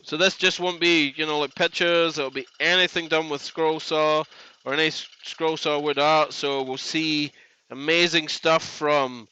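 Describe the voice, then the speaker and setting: A man chats in a loose, joking ramble while hosting a woodworking stream from his workshop. His voice is crisp and fairly high for a man. The mic sits close and dry, and the stream sound is dull. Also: steady tone, unhurried, bright, forceful tone. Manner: chatty, rambling, jokey. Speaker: woodworking live stream host. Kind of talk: casual live stream chat. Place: home workshop.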